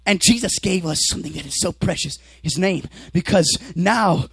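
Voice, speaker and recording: Teenage preacher, high creaky voice. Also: male voice, normal speed, hardly any pauses, no room sound, low-quality recording. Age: teens. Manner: swings between shouted exhortation and quiet, low explanation; acts out dialogue with the devil and watchmen. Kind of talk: sermon.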